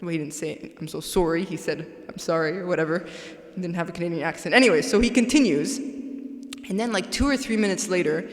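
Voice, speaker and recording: A woman's voice: lowish voice, fast. A woman giving a religious talk to a congregation, conversational, often checking in with "right?". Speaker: guest speaker. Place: large mosque hall. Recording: echoey hall with long reverb.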